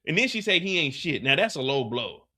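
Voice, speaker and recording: A man hosts a live TV after show and recaps an episode with animated, profane energy. His voice sits high and bright. He stammers through restarts as he pushes his points. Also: a little fast.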